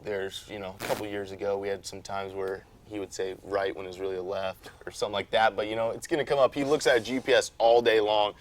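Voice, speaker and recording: A man talking casually as a guest about racing, easygoing and rambling, getting animated when he retells a story. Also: on the low side, fast, hardly any pauses, a little hiss or hum. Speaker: off-road truck racer, guest. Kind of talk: casual chat.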